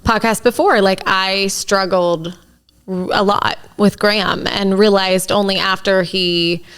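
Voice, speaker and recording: A woman hosting a podcast, upbeat and warm as she chats casually and introduces the guest. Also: medium pitch, steady tone, measured pace, smooth. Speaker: podcast host.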